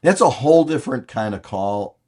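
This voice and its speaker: Brief: man in his 60s, podcast guest, lively anecdote-teller, middle-pitched voice. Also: brisk. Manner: animated storyteller acting out quotes. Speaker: podcast guest, real estate investor. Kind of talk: casual interview storytelling.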